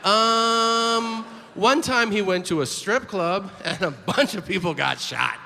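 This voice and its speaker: A man doing a stand-up set, telling stories with animated shouted voices. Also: high voice, takes it slowly, creaky. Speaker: stand-up comedian. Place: large venue with audience. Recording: live hall with crowd noise.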